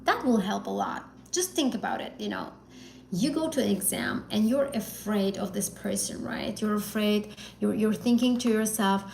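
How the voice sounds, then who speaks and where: A woman's voice: mid-range voice, sing-song, moderate pace, vocal fry, a little mellow, reverberant, slight background noise, rough recording. A woman teaching an exam prep lesson on a live stream, talking casually and encouragingly with fillers and self-corrections. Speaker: IELTS teacher.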